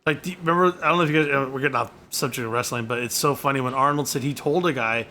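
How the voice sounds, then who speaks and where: A man telling stories on a podcast in casual chat, with a bright, forceful voice. He rambles and stutters through restarts. Faint noise hums behind him. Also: medium pitch, rapid-fire, hardly any pauses. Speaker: podcast co-host.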